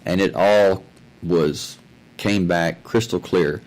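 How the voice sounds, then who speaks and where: A man's voice: sits low, takes it slowly, a little mellow, rough recording. A man hosting his own talk show, telling a story in a rambling way and repeating "I said" and "he says" over and over. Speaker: host of an online talk show. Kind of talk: casual spoken storytelling. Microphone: own mic and mixer setup at home.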